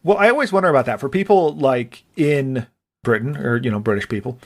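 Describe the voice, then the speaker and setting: A man's voice: medium pitch, expressive, fairly quick. A man co-hosting a podcast in casual chat, rambling and thinking aloud with restarts. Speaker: podcast co-host.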